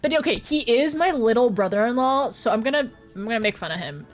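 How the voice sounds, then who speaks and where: A woman's voice: fairly high pitch, expressive, fast, soft background music. A young woman streaming a game, chatting casually with her viewers in a bubbly, giggly way. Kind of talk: casual live-stream gameplay chat.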